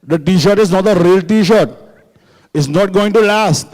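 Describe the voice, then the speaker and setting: A man's voice: fairly high pitch, moderate pace, a little mellow, lightly acted. A man putting on a cheeky T-shirt seller. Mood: teasing. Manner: teasing, mocking the crowd. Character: cheeky male T-shirt seller with mock accent. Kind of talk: stand-up comedy bit.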